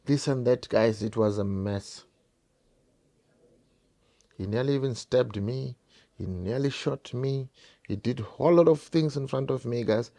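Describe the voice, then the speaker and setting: A man's voice: medium pitch, a little slow, gravelly, pauses often, dark tone. A South African man telling a painful personal story straight to his viewers, repeating phrases and calling them guys. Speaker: vlogger.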